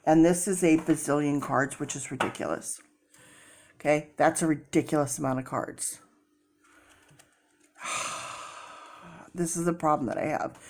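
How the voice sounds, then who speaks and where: A woman's voice: low voice, a little slow, long pauses, darkish tone, a little hiss or hum. A woman doing a casual tarot reading, chatty and rambling, with many fillers and restarts as she explains her method. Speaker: tarot reader.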